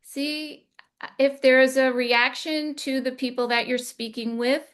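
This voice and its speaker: A woman communication coach giving a deliberate instructional talk, demonstrating inflection as she goes. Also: high voice, fairly even intonation, fairly bright tone, clean tone.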